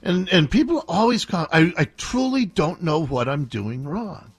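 A man from the Seattle area hosting a talk radio show, animated and indignant, arguing playfully with his co-hosts. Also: a little high, moderate pace, slightly rough, faint music behind. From Seattle area, USA.

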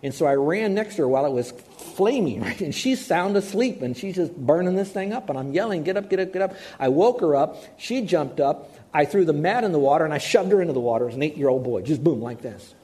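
A man's voice: fairly high pitch, brisk, hardly any pauses. An older man preaching a sermon, telling personal stories and acting out the people in them. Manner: storytelling, animated with acted-out quotes. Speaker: pastor.

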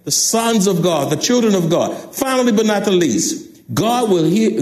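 A pastor in his sixties with a Texan accent preaches emphatically from the pulpit, his voice high-sitting and darkish. He repeats key phrases straight to the congregation, and the church sanctuary echoes around him.

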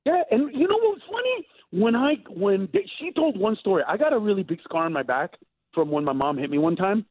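A high-pitched man spins family stories in loose, animated chat, breaking into laughter as he acts them out. The sound is dry and narrow, almost like a phone line. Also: a little fast, breathy edge, dry recording. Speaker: stand-up comedian guest. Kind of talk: casual storytelling chat.

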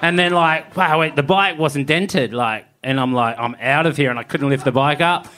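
A man's voice: on the high side, normal speed, a bit bright, a little hiss or hum. Laid-back man telling tales. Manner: laughing, rambling, filler-heavy. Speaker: panel guest. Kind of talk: casual storytelling at a live Q&A.

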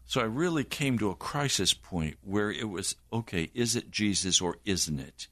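An older man, a preacher, giving an earnest personal testimony in a slow storytelling manner. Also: fairly low pitch, animated, fairly bright tone, dry recording.

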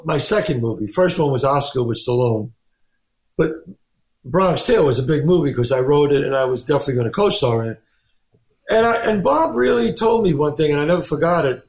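Man, actor-writer guest, lively storyteller, slightly high voice, roomy echo. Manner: animated anecdotes, acting out quoted voices. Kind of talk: storytelling interview.

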